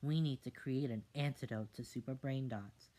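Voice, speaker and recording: A reader voicing an eager little kitten boy hero in a storybook reading, excited and slangy. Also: mid-range voice, moderate pace, close to an everyday voice.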